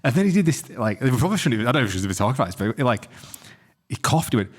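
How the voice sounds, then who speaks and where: Fast-talking man, swearing. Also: mid-range voice, breathy edge. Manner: swearing, animated storyteller. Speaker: podcast co-host. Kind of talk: casual banter.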